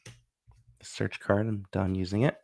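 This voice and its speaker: Gravelly man narrating a tabletop playthrough. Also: on the low side, little pitch movement, slow pace, darkish tone, slight background noise. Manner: chatty, thinks aloud, acts out little bits. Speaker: board game host. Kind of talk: casual solo board game playthrough.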